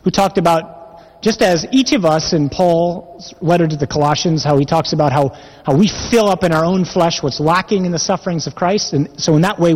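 A man's voice: darkish tone, in a large hall. A man preaching a sermon, earnest, with his voice rising when he quotes scripture. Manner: earnest, rises in pitch when quoting scripture. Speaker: priest or preacher.

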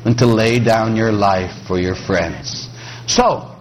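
A man's voice: fairly low pitch, slow, slight background noise. A middle-aged man from Pittsburgh, a priest preaching a sermon with jokes, acting out quoted voices. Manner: animated, joking, acts out quoted voices.

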